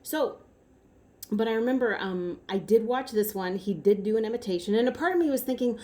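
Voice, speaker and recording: A woman vlogging in a casual, rambling way, correcting herself mid-sentence and jumping up in pitch when something excites her. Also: brisk. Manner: rambling, self-correcting, with sudden upward pitch jumps. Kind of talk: casual chatty commentary to camera.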